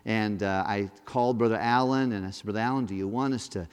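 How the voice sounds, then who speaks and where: A guest pastor telling a folksy personal story in a sermon, acting out conversations. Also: male voice, fairly low pitch, quick pace, clean tone. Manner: folksy storytelling, acts out dialogue in lively quoted voices. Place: church service. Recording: long reverb of a church hall.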